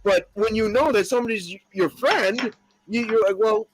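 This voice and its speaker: A man's voice: high voice, normal speed, low-quality recording. A man co-hosting a podcast, chatting casually with some swearing.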